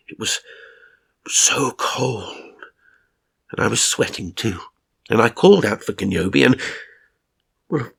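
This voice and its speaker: A man's voice: on the low side, gravelly, a bit bright, breathy edge. A man narrating a first-person horror story in a weary, irritable, confessional way.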